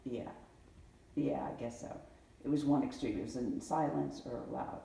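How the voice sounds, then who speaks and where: A middle-aged woman talks casually with family, retelling old arguments and playing each relative's lines as she goes. Her voice sits low and slightly gravelly, yet it leaps widely in pitch as she talks. The mic is some distance away in a very reverberant room. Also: normal speed. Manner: animated storyteller who acts out family quotes. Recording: echoey room, mic far off.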